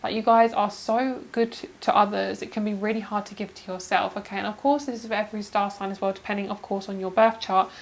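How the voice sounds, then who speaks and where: Female tarot vlogger, mid-pitched, emotional and gushing, casual swearing, laughs a lot, talks to viewers as friends. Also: level tone, fast talker, few pauses, low-quality recording. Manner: calls viewers girl and you guys. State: emotional, near tears. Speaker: tarot card reader. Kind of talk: pick-a-card tarot reading to camera.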